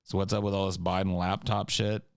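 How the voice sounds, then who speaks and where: Deep, flat-voiced profane podcast man. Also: a little fast, creaky, smooth, dry recording, clean studio sound. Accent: California, with a faint Southern tinge. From Central California, USA. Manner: profane, rambling, blunt. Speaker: podcast host. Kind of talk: casual podcast Q&A.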